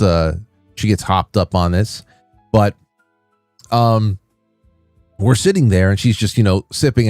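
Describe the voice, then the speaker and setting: A male livestream host with a fairly low voice tells a rambling story, full of restarts and animated asides. His voice sounds close and dry, with faint music underneath. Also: dry recording. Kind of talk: casual chat and storytelling.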